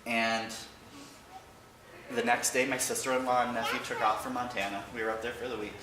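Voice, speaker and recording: A man giving an emotional personal remembrance of his late father to a church congregation, halting at times but with wry humor. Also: mid-range voice, level tone, far from the mic, noisy background. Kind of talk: personal storytelling speech. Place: large church hall. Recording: echoey hall, picked up from afar.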